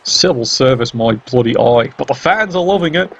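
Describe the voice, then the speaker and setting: A man's voice: mid-range voice, animated, normal speed, gravelly, slightly rough, highs cut off. A man giving casual play-by-play game commentary, sardonic and teasing, swearing freely.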